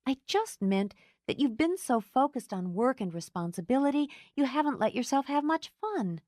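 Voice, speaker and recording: A woman's voice: sits high, sing-song, moderate pace, a little mellow, no echo, studio quality, pitched above the performer's own voice. A woman voicing a bold, blunt woman friend who teases and pushes. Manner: brash, pushy.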